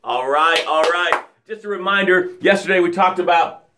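A man coaches a live motivational audience in a slightly high voice. He lingers on key words and stretches his phrases out for weight. His delivery moves between loud, emphatic peaks and quiet, hushed breathing cues. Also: moderate pace, noisy background. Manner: dramatic, swinging from loud and emphatic to soft and hushed. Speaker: life coach.

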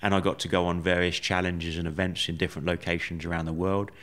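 A man, a podcast guest, telling his story in a measured, reflective way with many fillers. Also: sits low, flat delivery, fairly bright tone. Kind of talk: conversational storytelling.

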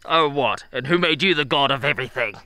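A man's voice: a little high, takes it slowly, creaky, bright, forceful tone, dry recording, heavily acted. An actor playing a petulant lizard-man warrior, whiny and indignant in a comedic fan film.

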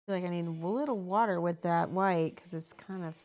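A woman's voice: on the low side, a little fast, a little mellow. A woman chatting casually on a live stream as she paints miniatures, thinking aloud and reading out the chat.

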